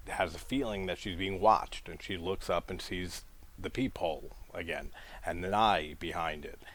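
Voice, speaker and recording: A man with a very low voice talks through a horror sequel he loves. He is casual and enthusiastic, swearing freely and retelling scene after scene. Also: fairly bright tone. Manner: enthusiastic, swears casually, acts out quoted dialogue. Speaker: horror film reviewer. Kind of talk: casual film discussion.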